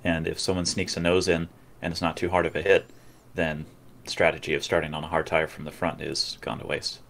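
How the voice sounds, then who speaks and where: A man co-hosting a live racing podcast, talking through strategy in a dry, measured way. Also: deep voice, little pitch movement, a bit bright. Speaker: podcast co-host. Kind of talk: casual live commentary chat.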